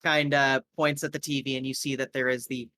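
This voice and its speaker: A man's voice: medium pitch, little pitch movement, fairly quick, sharp tone. A man narrating a tabletop game as game master, rambling casually with lots of fillers.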